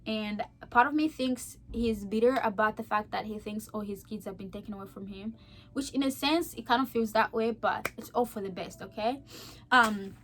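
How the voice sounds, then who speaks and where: A young woman giving an earnest personal faith testimony, heartfelt and emotional, talking in a chatty way with many fillers and swinging from soft to emphatic. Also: medium pitch, moderate pace. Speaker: vlogger sharing a faith testimony.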